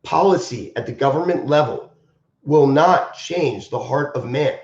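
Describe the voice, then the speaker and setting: A man who teaches martial arts speaks on a live stream in an impassioned, emphatic monologue and drives his points home by repeating them. His voice sits at a middle pitch. The audio is roomy and dull, like lo-fi stream sound. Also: animated, unhurried, a little mellow.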